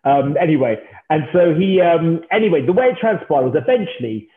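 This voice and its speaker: A man's voice: fairly high pitch, brisk, soft background music. Self-mocking man on a tinny line. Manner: animated, self-mocking, many fillers. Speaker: startup founder guest. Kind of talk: casual storytelling chat.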